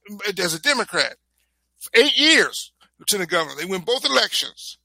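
Man, high and very bright voice, animated joking co-host, dry close sound. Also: fairly quick, vocal fry, no echo. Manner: animated, joking, repeats words. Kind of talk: casual political chat.

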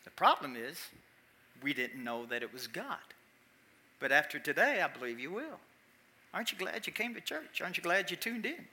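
A man preaching a sermon in church, animated, swinging from quiet asides to loud emphatic calls. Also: on the high side, moderate pace. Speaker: pastor.

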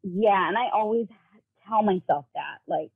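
A woman's voice: mid-range voice, measured pace, creaky, breathy edge. A woman telling an emotional story about her son in casual chat, acting out the voices of the people in it. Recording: phone-like narrow sound.

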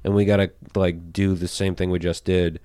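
A man's voice: deep voice, little pitch movement, moderate pace, warm tone, slight background noise. A man in casual political commentary, rambling and emphatic, full of fillers and swearing.

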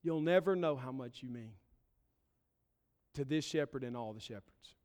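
This pastor's sermon comes in a medium-pitched, darkish voice at a moderate pace, earnest and built from short, emphatic phrases. It's recorded in a church sanctuary, where the hall gives a long reverb.

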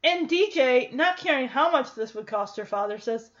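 A woman with a high voice talks through a sitcom episode in a loose, chatty way, tossing in wry asides. The sound is a bit dull and muffled. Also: animated, moderate pace, few pauses, a bit bright. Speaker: show recap host. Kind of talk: casual episode recap.

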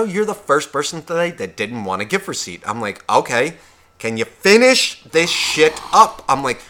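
Animated, bright-voiced man ranting. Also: mid-range voice. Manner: animated, profane, acts out both sides of conversations. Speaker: podcast co-host. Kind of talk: casual storytelling rant.

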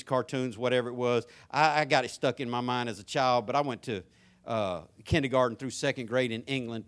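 Preaching from the pulpit, an older Southern pastor alternates between booming, shouted peaks and low, chatty remarks.

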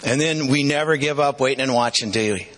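A man's voice: medium pitch, brisk, fairly bright tone, low-quality recording. A middle-aged man preaching a sermon, telling personal stories with emotional, repetitive emphasis. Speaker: pastor.

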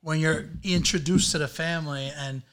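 A man's voice: a little high, steady tone, moderate pace, a bit bright, clean tone. Rambling man asking questions. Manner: asks questions with lots of "like" and trailing off. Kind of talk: casual chat.

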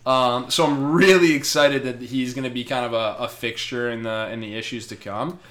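A man's voice: medium pitch, steady tone, moderate pace, a bit bright. A man hosting a casual comics podcast, rambling and laughing as he retells a story. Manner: giggly, rambling, lots of "like". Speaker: podcast host.

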